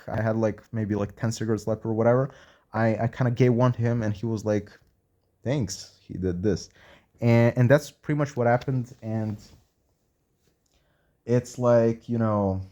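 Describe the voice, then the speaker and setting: A man's voice: mid-range voice, warm tone. A man telling a rambling, slangy story in a casual way, swearing a lot.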